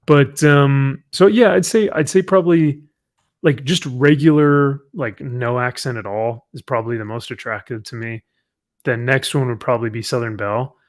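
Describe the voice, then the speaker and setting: A man talking as a guest on a casual podcast, wandering through his thoughts with plenty of "like" and "um". His voice sits at an ordinary pitch for a man. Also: normal speed. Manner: chatty, rambling with fillers.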